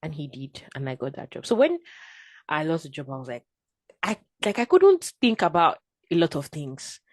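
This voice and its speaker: A woman, a podcast guest telling her story in a casual, animated way and acting out her own quotes. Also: deep voice, normal speed, no echo. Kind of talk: casual testimony chat.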